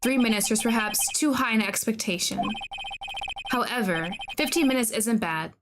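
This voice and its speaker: A man's voice: high voice, lively intonation, normal speed. A woman voicing an arrogant older male prosecutor who speaks condescendingly. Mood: smug. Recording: clear background music.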